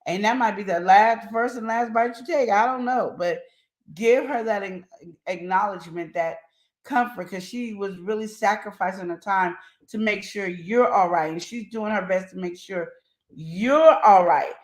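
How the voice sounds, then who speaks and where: A middle-aged woman co-hosting a relationship advice show, chatting casually and telling stories with drawn-out emphasis. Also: medium pitch. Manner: animated storyteller, drawn-out emphatic phrasing. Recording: roomy echo.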